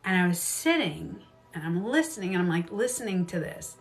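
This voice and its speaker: Soft background music plays as a beauty coach with a lowish, sing-song voice hosts a casual livestream at a moderate pace. Her delivery is emphatic, full of repeated phrases and free swearing, captured on a livestream camera mic.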